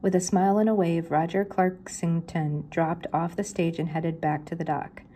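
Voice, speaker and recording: A woman's voice: lowish voice, flat delivery, normal speed, warm tone, a little hiss or hum. An older woman, a grandmother, reading a children's mystery book aloud and lifting her voice for the characters' lines.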